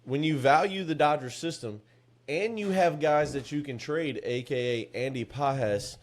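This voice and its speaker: A man co-hosting a casual sports podcast, arguing with blunt emphasis and freely dropped curse words. His voice sits a bit higher than most men's. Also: a little slow. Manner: animated, emphatic, swears freely. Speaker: podcast co-host.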